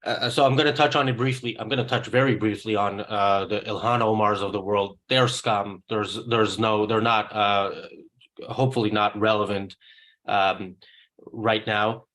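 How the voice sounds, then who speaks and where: A man hosting a political talk show, speaking in a measured and hesitant way with frequent fillers. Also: on the low side, steady tone, fairly bright tone. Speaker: host. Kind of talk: political discussion.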